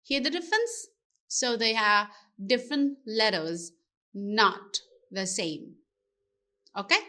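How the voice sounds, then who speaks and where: A woman gives a scripted language lesson in a bright, crisp voice pitched a little high. She speaks very slowly and carefully, pausing to ask her learners questions. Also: expressive. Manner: careful, explanatory, asks rhetorical questions. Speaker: language teacher.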